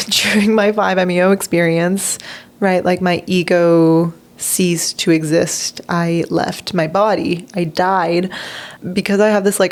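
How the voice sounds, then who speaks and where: A woman's voice: fairly low pitch, a little mellow. A young woman hosting a podcast, speaking openly and earnestly about personal growth, laughing often and tearful at times. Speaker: podcast host. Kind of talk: personal reflective monologue.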